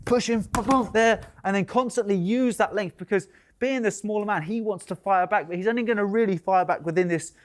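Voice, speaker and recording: A British boxing pundit walks through punches as he demonstrates them, animated and hands-on. His voice sits high for a man, and he keeps marking the blows with quick sound words. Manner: animated, punctuates moves with "boom". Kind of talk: demonstrating and explaining boxing tactics.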